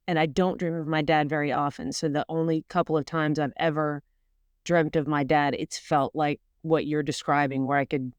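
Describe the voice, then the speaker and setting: Reflective woman host, smooth dry voice. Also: sits low, no echo. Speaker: podcast host. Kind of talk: conversational interview. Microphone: video call.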